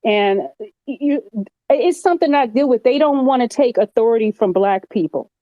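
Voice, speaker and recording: A woman's voice: a little high, expressive, normal speed, no echo, muffled recording. A woman hosting a casual chat who speaks frankly and with emphasis. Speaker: host and nurse.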